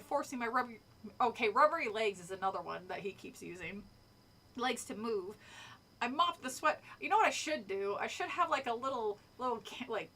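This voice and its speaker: A woman streamer with a slightly high, bright, forceful voice casually reads a horror book aloud, pausing to chat, swear and laugh often. Her voice sounds distant from the mic.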